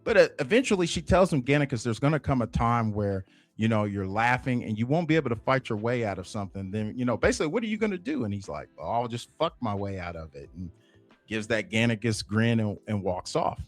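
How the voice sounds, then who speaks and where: A man's voice: fairly low pitch, expressive, a little fast, soft background music. A man casually recapping a TV episode, rambling with lots of fillers. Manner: rambling, frequent fillers like "you know" and "basically". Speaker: TV episode reviewer.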